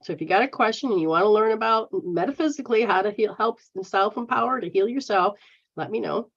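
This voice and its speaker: A woman's voice: mid-range voice, fast talker. An American woman hosting a live stream as a spiritual healer, talking bluntly and casually and swearing freely as she answers viewers. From United States. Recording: dull lo-fi stream audio.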